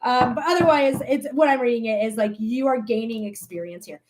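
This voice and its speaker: A woman in her thirties with a high voice gives a live tarot reading to her viewers. She talks in a chatty, animated way, laughs often and swears casually. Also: brisk, background noise. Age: 30s. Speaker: tarot reader.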